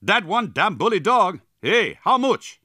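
A little, wizened dog buyer, as a male narrator puts him on, exclaiming excitedly in broken English in a much higher, louder voice. The tone is bright and forceful, close and dry. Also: measured pace, dry recording, full character voice.

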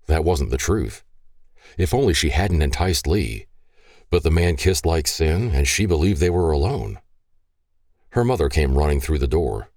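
A man reads a story aloud in a very deep voice with lively, expressive rises and falls. The recording is dry and close. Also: normal speed, no room sound. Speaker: narrator. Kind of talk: audiobook narration.

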